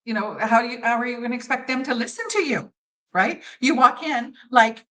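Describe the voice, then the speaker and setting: A woman's voice: a little high, quick pace, fairly bright tone, low-quality recording. A middle-aged woman, a pageant judge and coach, giving confident, emphatic interview answers and acting out little quotes. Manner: confident, emphatic, acts out quotes, laughs easily.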